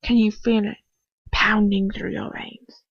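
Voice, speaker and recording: A woman's voice: mid-range voice, level tone, unhurried, dry recording, dull audio. A woman reading the part of a cold, sneering older male wizard who taunts his captive. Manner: mocking, taunting.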